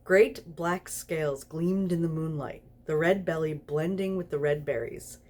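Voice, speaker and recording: A woman's voice: deep voice, measured pace, a little mellow. A tipsy woman reading a story aloud, giggling through it. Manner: giggly, snorty laughs while reading. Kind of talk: reading fan fiction aloud.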